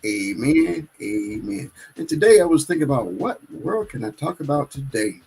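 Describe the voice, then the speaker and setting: Husky-voiced man hosting a live stream. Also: a little high, sing-song, moderate pace, a little mellow, faint music behind, low-quality recording. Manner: rambling and self-correcting, churchy. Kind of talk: casual live stream chat.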